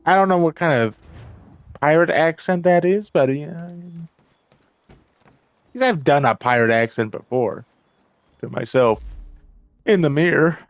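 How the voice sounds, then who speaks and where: A man's voice: on the high side, measured pace, long pauses, no echo. A man giving casual, self-mocking let's-play commentary, reacting to the game and swearing now and then. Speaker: gameplay commentator.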